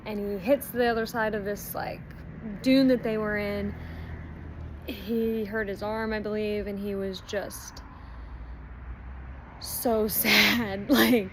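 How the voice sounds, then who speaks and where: A woman's voice: medium pitch, slight background noise, rough recording. Chatty woman reviewing a book. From not Australian. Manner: chatty retelling with frequent ums and likes. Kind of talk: casual book review chat.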